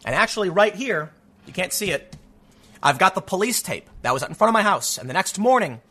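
A man's voice: high-pitched, animated, a little fast, pushed and bright. A man hosting a sarcastic opinion monologue, rambling with frequent restarts. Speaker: commentary host.

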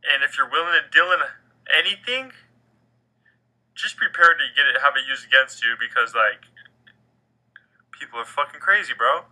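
Bright-voiced cursing man. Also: mid-range voice, moderate pace, long pauses, low-quality recording. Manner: profane, animated, swings between loud and muttered. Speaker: podcast host. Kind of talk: casual rant.

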